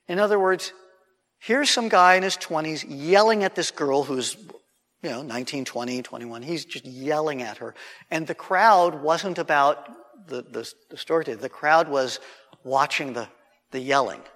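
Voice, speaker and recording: A man tells a sermon story in an animated, conversational way, often restarting his sentences. His voice sits a little high for a man. A long hall reverb trails after his words. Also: moderate pace. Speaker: preacher.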